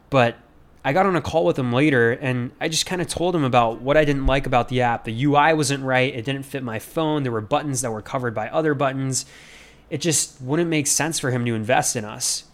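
A man hosting a podcast, talking in an earnest, rambling way with many fillers and restarts as he reflects aloud. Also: medium pitch. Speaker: podcast host. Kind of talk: casual reflective monologue.

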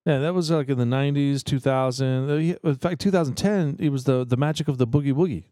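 A man co-hosting a casual podcast chat, halting and full of uhs while he recalls facts. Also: medium pitch, mellow, no room sound, studio quality. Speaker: podcast co-host.

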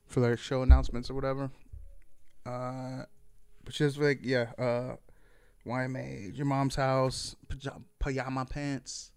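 Man, solo podcast host, casual rambling chat, lots of fillers, swears freely, smooth voice. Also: medium pitch, dry recording.

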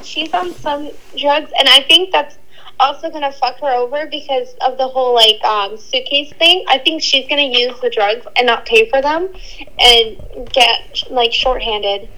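A woman's voice: high voice, a little slow, bright, forceful tone, rough recording. A young woman co-hosting a podcast, chatting casually and agreeably, often saying "literally". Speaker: podcast co-host. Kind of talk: casual chat.

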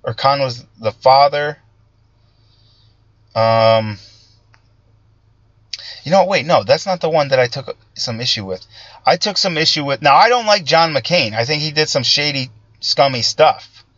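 Halting man with a low-fi sound. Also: expressive, fairly bright tone, no echo, lo-fi sound. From Italian-American background. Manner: halting, many restarts and fillers, conversational. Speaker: political commentary host. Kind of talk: casual political monologue.

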